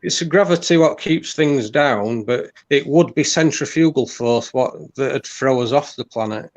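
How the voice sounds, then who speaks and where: A man, a guest in a casual chat, talking bluntly and rambling with halting restarts. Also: medium pitch, no room sound, highs cut off.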